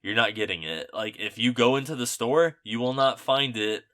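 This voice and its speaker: A man's voice: mid-range voice, moderate pace, fairly bright tone. A young man chatting on a podcast, telling stories in a rambling way with lots of fillers and casual swearing. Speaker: podcast host. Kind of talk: casual chat.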